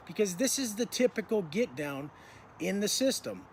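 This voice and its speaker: Intense, high-voiced man swearing bluntly. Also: lively intonation, brisk, slight background noise. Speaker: motivational speaker. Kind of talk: storytelling monologue.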